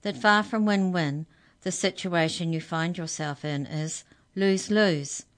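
A woman's voice: on the low side, a little slow, lightly acted. A woman reading a children's story, voicing a stern and imperious female hex checker official with a cold, formal, clipped manner.

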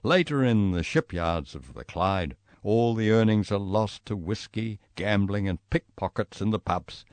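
A man's voice: animated, a little slow, hardly any pauses, no echo. A man putting on a gloomy grumbling Scot. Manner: blunt, grumbling, raised pitch. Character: gloomy, talkative middle-aged Scottish man.

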